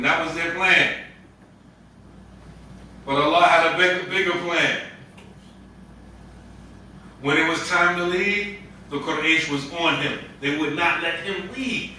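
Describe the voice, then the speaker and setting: Male imam, casual storytelling sermon with slang; bright, high voice, roomy hall. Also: fairly even intonation, unhurried, pauses often, distant mic, slight background noise. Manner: storytelling, conversational with street slang. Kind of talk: Ramadan sermon.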